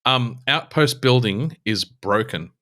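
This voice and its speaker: A man's voice: medium pitch, expressive, slow, fairly bright tone. An Australian man co-hosting a casual podcast chat, telling stories with lots of animation and acting out the game characters, swearing freely. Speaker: podcast co-host.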